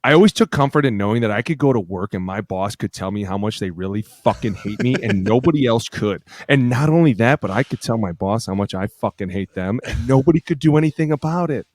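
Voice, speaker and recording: A man's voice: fairly low pitch, lively intonation, fast talker, hardly any pauses, darkish tone, no echo. Brash, profane man in dry close sound. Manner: brash, profane, laughing asides. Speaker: podcast co-host, former NFL lineman. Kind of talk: casual chat.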